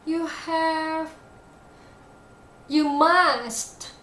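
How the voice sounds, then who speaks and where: A high-pitched woman with an Indonesian accent explains an English lesson at a very slow pace, often stopping to search for words and repeating her examples. The sound is roomy and echoey, with a faint hiss of noise underneath. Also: a bit bright. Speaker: English teacher.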